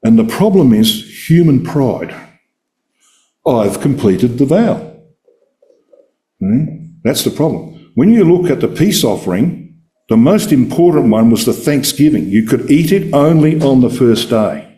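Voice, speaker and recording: A man giving an expository Bible talk, emphatic and full of rhetorical questions. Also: moderate pace. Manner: emphatic, rhetorical questions, lively swings in pitch. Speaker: Bible study speaker.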